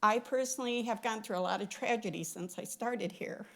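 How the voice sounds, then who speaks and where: A woman's voice: mid-range voice, a little fast, vocal fry, a bit bright. A woman giving an emotional farewell tribute at a city council meeting, sad and fumbling over her words.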